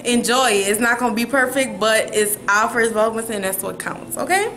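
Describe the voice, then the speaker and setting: A woman's voice: fairly high pitch, animated, moderate pace, sharp tone, poor audio. A young woman vlogging at home, chatting upbeat to the camera about her plans. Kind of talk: casual chat to camera. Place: at home, indoors. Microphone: handheld camera.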